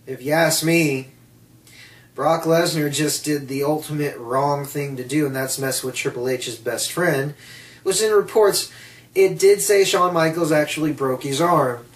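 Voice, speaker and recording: A man's voice: on the high side, measured pace, recorded from a distance. A man in a blunt, sarcastic casual rant as a wrestling vlogger. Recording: echoey room, off mic.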